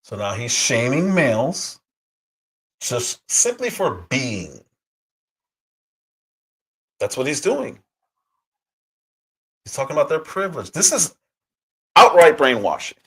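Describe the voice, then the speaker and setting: A man's voice: medium pitch, sing-song, takes it slowly, pauses often, fairly bright tone, slightly rough. A middle-aged man reacting to a clip on a livestream, sarcastic and indignant, with mocking asides. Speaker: livestream commentator. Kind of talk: reaction commentary.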